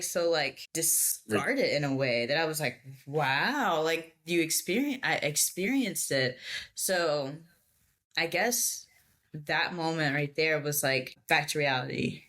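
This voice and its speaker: A woman's voice: low-pitched, slow. A young adult woman, a podcast guest, telling a story in casual chat and acting out the people she quotes. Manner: animated storytelling, acts out quoted voices.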